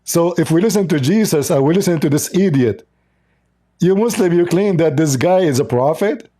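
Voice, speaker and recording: A man hosts a livestream of polemic commentary, mocking and sarcastic in non-native English. His voice is fairly high and expressive with a dark tone, delivered at normal speed.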